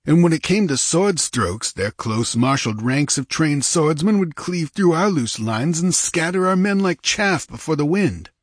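A man's voice: fairly high pitch, expressive, moderate pace, few pauses, breathy edge, no room sound, clean studio sound, voice pushed up. A man reading aloud, voicing a hot-tempered, ambitious male bandit chief with a commanding, sardonic manner. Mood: angry, menacing.

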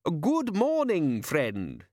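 Courteous kindly desert host, formal and soft-spoken, raised voice, male narrator doing him. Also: fairly high pitch, wildly swooping pitch, very slow, no room sound, clean studio sound, pitched above the performer's own voice, exaggerated voice. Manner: courteous, soothing. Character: polite kindly desert man.

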